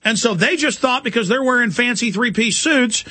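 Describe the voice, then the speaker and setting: A man's voice: very high voice, lively intonation, normal speed, sharp tone, husky, dry recording. A man delivering an impassioned, indignant talk radio monologue as the show's host.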